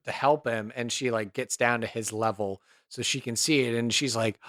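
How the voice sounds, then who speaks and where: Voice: medium pitch, moderate pace, few pauses, fairly bright tone, no echo, clean studio sound. A player describing their character's actions in a tabletop game, hesitant with many fillers.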